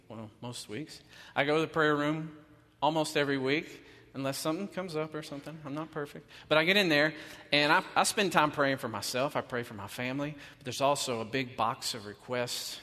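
A man's voice: mid-range voice, sharp tone. Folksy man preaching. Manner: folksy, self-deprecating, chatty. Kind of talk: sermon with storytelling. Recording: long reverb of a church hall.

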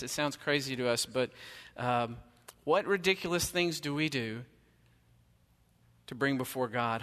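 Middle-aged male pastor, bright forceful tone, casual sermon delivery, long hall reverb. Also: mid-range voice. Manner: conversational preaching, emphatic rhetorical questions.

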